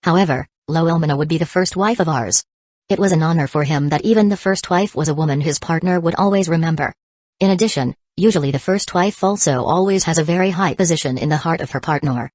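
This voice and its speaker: A woman narrating a web novel audiobook in a flat, even reading style. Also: low-pitched, quick pace, dry recording. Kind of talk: scripted narration.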